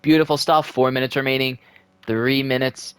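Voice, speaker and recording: An excitable young man talks through a simulated hockey season at his desk microphone, cheering, groaning and swearing at the game. His voice sits at an ordinary middle pitch and is recorded dry and close, with no room sound. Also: normal speed, smooth, no room sound. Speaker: gaming video creator. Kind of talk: casual play-by-play commentary of a simulated hockey game.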